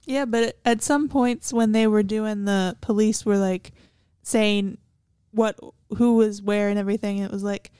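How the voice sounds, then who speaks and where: A woman's voice: mid-range voice, steady tone, a little slow, dark tone, smooth, dry recording, clean studio sound. A woman in a casual movie discussion, retelling scenes and acting out the characters' lines.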